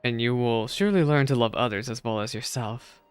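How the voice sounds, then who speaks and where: A man voicing a serene, wise male deity, reading game dialogue aloud in a soft, measured, solemn way. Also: medium pitch, clean tone, lightly acted. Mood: calm, consoling.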